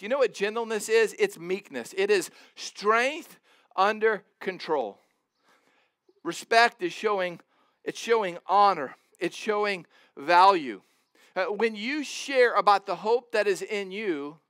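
Earnest high-voiced preacher man. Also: measured pace, a bit bright, dry recording, studio quality. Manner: earnest, emphatic, repeats words and restarts. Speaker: pastor. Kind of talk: sermon.

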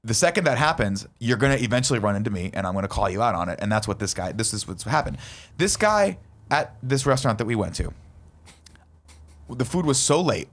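Fast-talking, blunt storytelling man. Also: medium pitch, animated. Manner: fast, emphatic, profane storytelling. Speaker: podcast co-host. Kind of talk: casual storytelling chat.

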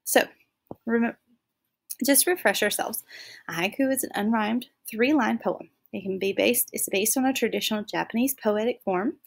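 Woman, teacher, recorded lesson for young kids, patient, breathy, gravelly. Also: on the high side, normal speed. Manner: patient, clear explaining, clapping out syllables. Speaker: first grade teacher.

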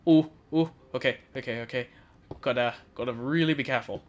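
A man giving live commentary over his own gameplay, talking to himself and getting loud and giggly when things go wrong. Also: mid-range voice, brisk, slight background noise. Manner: excitable, talks to himself, yells and laughs under pressure. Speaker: gaming YouTuber.

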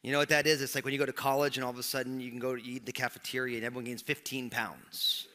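Animated New pastor in a big hall. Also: male voice, medium pitch, rapid-fire. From New Jersey, USA. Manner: animated, joking, lots of fillers. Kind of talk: storytelling sermon. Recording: long hall reverb.

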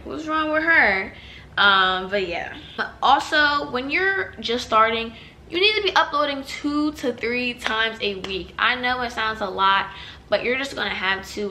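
A woman's voice: mid-range voice, pushed and bright, a little hiss or hum. A young adult woman giving casual vlog advice to new YouTubers, chatty and loose, full of "like" and "y'all". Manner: chatty, heavy use of "like" and "y'all". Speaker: YouTuber giving channel tips.

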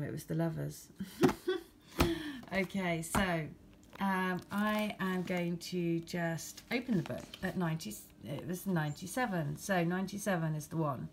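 Low, gravelly English woman giving a card reading. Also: a little hiss or hum. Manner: reads card meanings steadily, then chats excitedly about synchronicities with laughter. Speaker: tarot and oracle card reader. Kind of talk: spiritual card reading to camera.

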